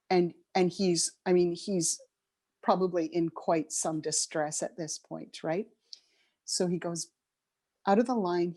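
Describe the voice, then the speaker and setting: A middle-aged woman talks as an interview guest, her voice mellow and a little low. She tells a personal story in a reflective, unhurried way, pausing on ums and restarting sentences as she finds her words. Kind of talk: conversational storytelling.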